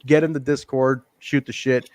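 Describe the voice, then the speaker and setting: Man, podcast host, casual profane banter, mid pitch, dry recording. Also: level tone, moderate pace, a little mellow, no room sound. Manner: loose, profane, laughing sign-off banter. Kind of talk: casual chat.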